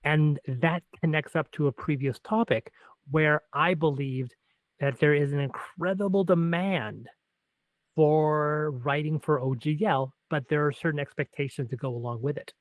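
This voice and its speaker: Podcast co-host, man from Canada, fairly high voice, dry close mic, rambling delivery. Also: normal speed, no echo, rough recording. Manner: rambling, self-correcting, animated storyteller. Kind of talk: podcast chat.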